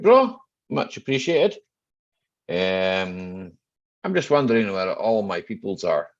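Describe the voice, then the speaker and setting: A man's voice: low voice, gravelly, lo-fi sound. A man hosting a casual live stream chat, greeting viewers one by one by name in a chatty, easygoing way. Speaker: livestream host.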